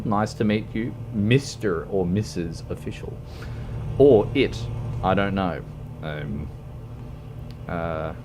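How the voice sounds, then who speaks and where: A man chatting slowly on a gaming livestream, his voice sitting a little low. He wanders and hesitates, filling gaps with ums and poking fun at himself, and a faint hum of noise runs underneath. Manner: rambling and hesitant, full of ums; self-mocking joker who laughs a lot. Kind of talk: casual stream chat while gaming. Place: at home, wearing a fox costume.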